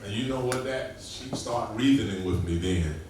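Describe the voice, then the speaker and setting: A man with a fairly low pitch and moderate pace performs loose, foul-mouthed stand-up storytelling at a comedy club, voicing the characters he quotes. The sound is echoey and distant, with background noise from the room.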